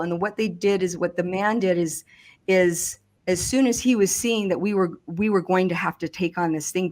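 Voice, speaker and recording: A woman recounting a personal experience in conversation, speaking haltingly with frequent restarts and fillers. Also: lowish voice. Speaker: survivor giving testimony.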